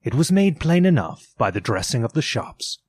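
A man reading a classic story aloud in an expressive, theatrical storytelling manner. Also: mid-range voice, moderate pace. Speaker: narrator. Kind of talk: dramatic audiobook reading.

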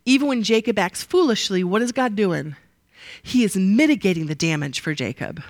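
A woman leads a Bible class in a relaxed, talky way. She keeps tossing questions out to the group. Her voice sits at a middling pitch and sounds close and dry. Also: moderate pace, no room sound. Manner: lively, asks the audience rhetorical questions. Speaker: Bible study teacher. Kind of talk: conversational Bible teaching. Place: room with a live group.

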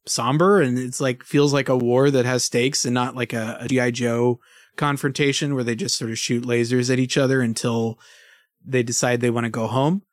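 A man in a mid-pitched voice co-hosting a casual podcast over a remote call. He thinks aloud, pausing and restarting often. The sound is dry with no room. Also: flat delivery, dry recording. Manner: thoughtful, hesitant, many fillers. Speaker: podcast co-host. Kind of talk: casual chat.

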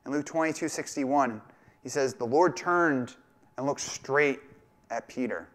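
Man, pastor, sermon, conversational, middle pitch, acts out quotes. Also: a little slow, a bit bright.

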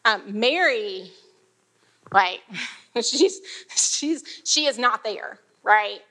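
A woman leads a casual Bible teaching, reading verses and then talking through them in a chatty way. She laughs easily and often reaches for fillers. Her voice sits a little high and sounds bright. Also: animated, drawn-out words.

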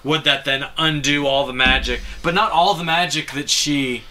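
A man's voice: on the high side, moderate pace, pushed and bright. A man in a casual movie chat, reasoning through plot rules aloud with careful restarts. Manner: analytical, thinks aloud with restarts. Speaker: podcast co-host.

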